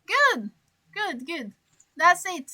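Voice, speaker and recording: A woman teaching English to learners online. Her voice is high and bright, and she speaks slowly. She stretches out key words and acts out little scenes to make her point. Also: sing-song. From French-speaking Africa. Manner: stresses words by drawing them out, acts out examples. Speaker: English coach.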